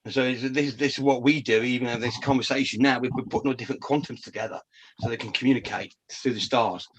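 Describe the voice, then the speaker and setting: On a podcast, a male co-host spins a rambling, animated story in casual chat, swearing often and restarting his sentences again and again. His voice is medium-pitched and quick, with a little hiss or hum in the audio.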